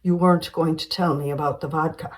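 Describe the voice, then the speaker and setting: A woman's voice: low-pitched, steady tone, brisk, slightly rough. A woman reading a teasing woman doctor in her forties. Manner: teasing, skeptical.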